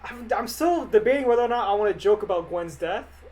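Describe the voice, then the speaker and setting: A man's voice: high-pitched, expressive, brisk, darkish tone, low-quality recording. Offhand young man chatting on a livestream. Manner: rambling, offhand, joking, with restarts. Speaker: animator streaming live. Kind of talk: casual livestream chat answering viewer questions.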